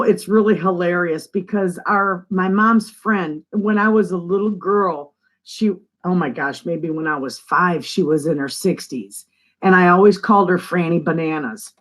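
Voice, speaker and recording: An older woman from northern Michigan, chatting casually on a homestead live stream, greeting viewers and reading their comments aloud. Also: mid-range voice. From northern Michigan, USA. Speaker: homestead channel host. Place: home, away from the living room.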